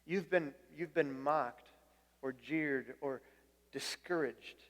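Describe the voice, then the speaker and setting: A man's voice: a little high, slow pace, a bit bright, in a large hall. A man preaching a conversational sermon as pastor, often restarting his phrases and putting questions to the congregation. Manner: conversational, repeats words when restarting, asks the room questions.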